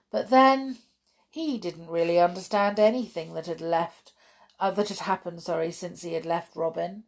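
A woman reading a children's story aloud as a podcast host, gentle and expressive. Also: fairly low pitch, husky. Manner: gentle, expressive, chatty sign-off.

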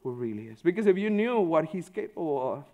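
A man giving a conversational sermon, informal and full of "you know", swinging between loud stretches and hushed ones. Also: on the high side, sing-song, brisk, highs cut off. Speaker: preacher.

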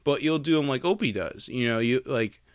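A man's voice: medium pitch, animated, a little fast, no room sound, studio quality. A young man co-hosting a podcast, rambling in casual chat with lots of restarts. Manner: rambling, restarts, laughs a lot. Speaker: podcast co-host.

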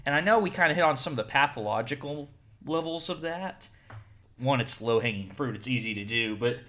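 A man hosting a casual movie review podcast, animated and often repeating words as he starts a thought. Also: medium pitch. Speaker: podcast host.

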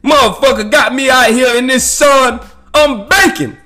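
Man doing grumpy complaining older guy, whiny and profane, pitched high. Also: normal speed, bright, forceful tone, faint music behind. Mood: griping.

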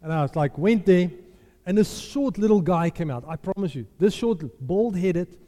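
A man preaching a sermon, telling a lively personal story and acting out the voices in it. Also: sits high, normal speed. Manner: animated storyteller, laughs often, acts out quotes. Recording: echoey hall reverb.

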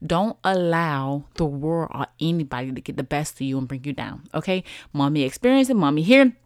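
A woman's voice: sits low, lively intonation, brisk, dry recording, clean studio sound. A woman in her thirties hosting a solo podcast, chatting in an encouraging way and talking straight to her listeners. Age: 30s. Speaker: podcast host. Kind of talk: casual solo podcast talk.

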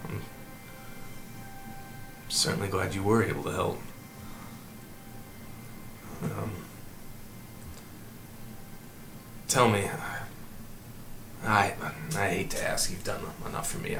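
A humble middle-aged farmer and father, polite and halting, full of ums, as a man plays him in his own low voice. He speaks in a tabletop game with music running clearly behind. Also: fairly even intonation, rough recording. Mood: grateful. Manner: hesitant, polite, many ums.

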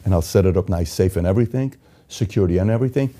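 Intense motivational guy, dark husky voice, goes loud then real quiet. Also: deep voice, racing. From Iran. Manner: intense, swings from loud urgency to quiet emotion. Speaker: motivational speaker. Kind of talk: motivational monologue.

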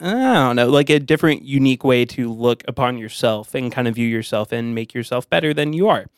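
Male podcast guest, relaxed explainer, mid pitch, clean and smooth. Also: brisk, no room sound, clean studio sound. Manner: easygoing, explanatory. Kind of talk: casual chat.

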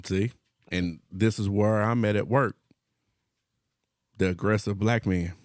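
A man's voice: on the low side, steady tone, unhurried, no echo, studio quality. A man co-hosting a podcast in casual chat, speaking bluntly and outspokenly. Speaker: podcast co-host.

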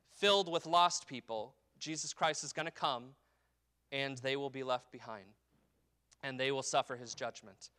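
A man preaching a sermon as pastor, reading scripture in a slow falling cadence and explaining it with emphatic rises and a frequent "okay?". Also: fairly high pitch, sharp tone, smooth.

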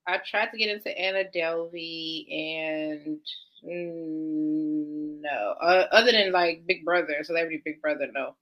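A woman's voice: low-pitched, fairly even intonation, unhurried, lo-fi sound. A woman co-hosting a casual podcast chat, hesitant and repeating herself as she talks. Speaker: podcast co-host.

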